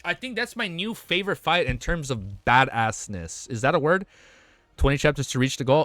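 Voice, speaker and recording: A man's voice: on the high side, normal speed, dry recording. Hyped young man reading and reacting. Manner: hyped, swears a lot, slangy, stammers when excited. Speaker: streamer reading and reacting to a web novel. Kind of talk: excited reaction stream, reading aloud.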